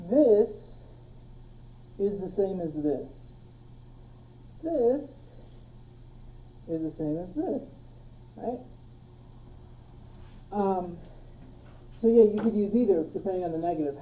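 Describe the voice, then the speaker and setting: A woman teaching a logic class, relaxed, quizzing her students and joking with them, recorded on a phone in a classroom. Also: mid-range voice, recorded from a distance, muffled recording. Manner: relaxed, asks the class questions and jokes. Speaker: logic instructor. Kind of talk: classroom lecture. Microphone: phone streaming the class.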